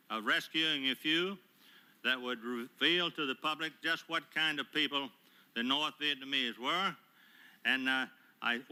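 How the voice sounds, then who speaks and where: An older man, a retired admiral, giving prepared testimony at a hearing in a formal, measured way with frequent hesitant pauses, speaking into a table microphone. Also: mid-range voice, bright, forceful tone, smooth. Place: hearing room.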